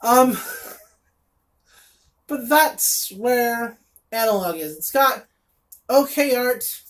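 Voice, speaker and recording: A woman's voice: a little high, lively intonation, extremely slow. A woman reviewing a comic in casual chat, blunt and sarcastic, with lots of fillers and asides.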